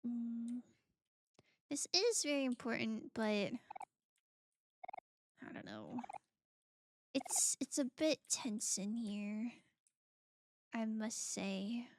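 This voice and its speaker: A woman streaming a game, talking casually and slowly with a high, gravelly voice. She reads chat aloud and greets viewers with sudden excitement. Faint game music plays behind her. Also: background noise. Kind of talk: casual live-stream chat while gaming.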